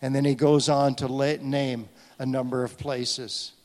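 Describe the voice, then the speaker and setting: A man's voice: mid-range voice, flat delivery, unhurried, darkish tone, long reverb tail. A man preaching a conversational sermon in a church, asking the congregation questions and taking their answers. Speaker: guest preacher. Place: church sanctuary.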